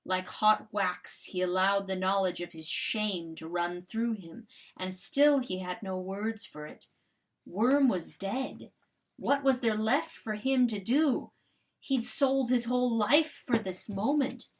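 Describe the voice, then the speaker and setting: A woman giving a slow, intense dramatic reading of a novel as the channel's reader. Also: mid-range voice. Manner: slow, intense, expressive narration. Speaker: audiobook reader.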